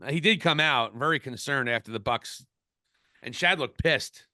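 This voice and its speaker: Male podcast co-host, rambling and opinionated; bright tone, dry recording. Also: medium pitch, normal speed, no room sound. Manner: opinionated, rambling, frequent restarts. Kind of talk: casual wrestling podcast chat.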